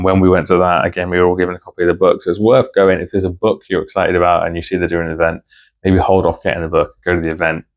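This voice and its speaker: Low, flat-voiced man chatting. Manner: rambling, heartfelt. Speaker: book vlogger. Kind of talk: casual chat to camera.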